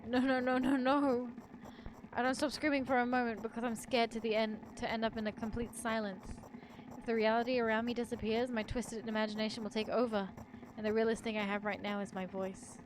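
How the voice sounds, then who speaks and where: A woman's voice: on the high side, little pitch movement, fast, background noise. A woman streamer reading a horror story aloud in the first person, with joking asides.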